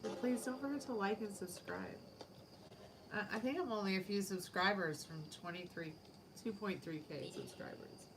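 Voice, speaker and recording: A woman's voice: medium pitch, moderate pace. A woman hosting a live tarot and spirit box stream, chatting casually with viewers and spirits. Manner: chatty, talks to chat and spirits. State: sleepy, yawning. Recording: clear background noise.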